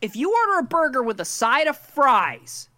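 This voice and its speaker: A man co-hosting a comedy podcast, animated and arguing with mock outrage. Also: extremely high pitch, moderate pace. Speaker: podcast co-host. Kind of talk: casual comedic chat.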